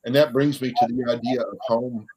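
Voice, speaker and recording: A man's voice: mid-range voice, fairly even intonation, moderate pace, dark tone, breathy edge, low-quality recording. A man hosting a podcast interview, reflecting on what his guest said and asking questions. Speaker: podcast host. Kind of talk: conversational interview.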